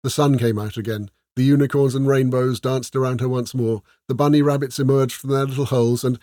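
A man narrating a comic fantasy story aloud in a wry, measured way. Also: mid-range voice, steady tone, dark tone, no room sound, studio quality.

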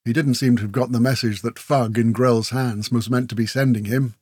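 A man narrating a fantasy story with steady, vivid emphasis. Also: medium pitch, moderate pace, few pauses, dry recording, studio quality. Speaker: audiobook narrator. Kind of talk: scripted narration.

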